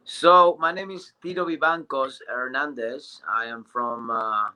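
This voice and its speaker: Man, Spanish accent, very bright timbre, halting testimonial on a video call. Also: medium pitch, clear, resonant tone. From Quebec, Canada. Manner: rambling, hesitant, many fillers and restarts. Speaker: new business member. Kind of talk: casual testimonial on a group call.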